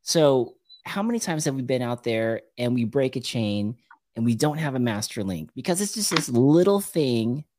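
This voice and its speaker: A man's voice: medium pitch, lively intonation, normal speed, noisy background. A man co-hosting a casual podcast chat, upbeat, laughing often and reading out viewer comments. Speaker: podcast co-host.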